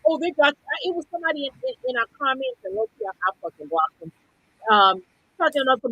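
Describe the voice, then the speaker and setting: A high-voiced woman rants on a podcast, blunt and full of profanity. Her delivery is confrontational and heated, and the sound is dry and close. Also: very animated, fast, sharp tone, no echo, highs cut off. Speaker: podcast co-host.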